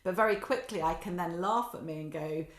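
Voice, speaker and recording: Talking a little fast in a fairly low voice, a middle-aged woman chats reflectively as a guest. She's animated, acts out quotes and laughs at herself often; the room's echo is noticeable.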